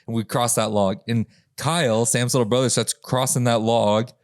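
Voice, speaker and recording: A man's voice: mid-range voice, normal speed. A man in his thirties, a guest, retelling wild childhood stories in casual chat, swearing often. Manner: profane, animated retelling. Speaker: podcast guest.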